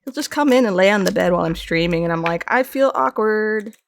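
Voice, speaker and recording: A woman's voice: on the low side, animated, rapid-fire, vocal fry, background noise. A young woman chatting casually with her viewers while streaming art from home. She rambles, pokes fun at herself and laughs often. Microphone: streaming microphone.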